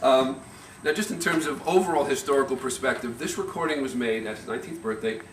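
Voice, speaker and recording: A middle-aged man gives an informal speech at a family gathering, a little nervous, telling anecdotes with stops, restarts and soft chuckles. He stands well back from the microphone, so his voice carries a roomy echo. There is a faint hum of ambience behind him. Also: medium pitch, quick pace. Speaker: family member giving a speech. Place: party room, indoors. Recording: echoey, distant amateur room recording.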